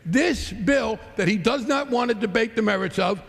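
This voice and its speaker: A man's voice: high-pitched, normal speed, vocal fry, fairly bright tone. A congressman giving a combative, sarcastic floor rebuttal in a large legislative chamber. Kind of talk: floor debate speech. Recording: long reverb of a large chamber.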